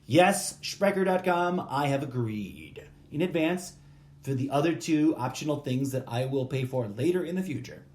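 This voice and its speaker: A man's voice: mid-range voice, animated, moderate pace, a little mellow. A man hosting a solo podcast, reading legal text aloud and then riffing on it in a jokey, rambling way with sudden bursts of emphasis. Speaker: podcast host.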